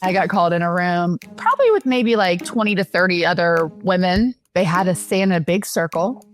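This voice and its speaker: A woman's voice: expressive, a little fast, faint music behind. Bubbly young woman recounting her audition. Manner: bubbly, acts out voices with big pitch jumps. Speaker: former contestant, interviewee.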